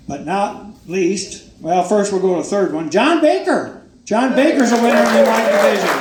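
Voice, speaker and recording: An older man presenting awards at a banquet, folksy and joking, talking up each winner with emphatic praise. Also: high-pitched. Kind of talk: casual speech at a banquet. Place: banquet hall. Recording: echoey hall with crowd and noise.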